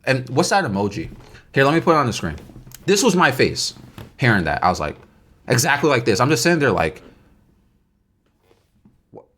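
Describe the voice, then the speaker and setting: A young man telling a casual story time vlog, animated and incredulous as he reenacts the night. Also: medium pitch, a little fast, husky.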